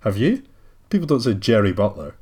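A man's voice: on the low side, big pitch swings, a little fast, warm tone, slightly rough. A man, co-hosting a podcast in casual chat, joking and laughing often with rambling asides. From United Kingdom. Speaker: podcast co-host.

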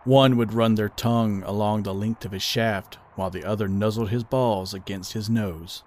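A man narrating a scripted story in an even, steady reading voice. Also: fairly low pitch, moderate pace, slight background noise.

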